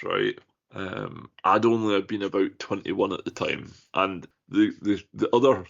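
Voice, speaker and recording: Gravelly sweary man. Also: on the low side, a bit bright. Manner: sweary storytelling. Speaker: podcast co-host. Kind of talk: casual chat. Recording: muffled lo-fi recording.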